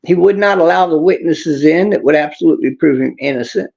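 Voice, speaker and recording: A man's voice: fairly high pitch, a little fast, vocal fry, a little mellow, lo-fi sound. A man hosting a political livestream, talking bluntly and angrily, swearing and answering chat comments. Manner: blunt, angry, swears, talks back to chat. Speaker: livestream host reading chat. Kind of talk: casual political livestream rant.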